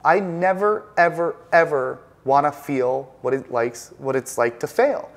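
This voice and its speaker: Speaking unhurriedly and with animation, this man's voice runs a little high. He is a professional trader appearing as a guest in a conversational interview, recorded inside a penthouse apartment. His delivery is intense and emphatic, and he tends to repeat words while working up to his argument.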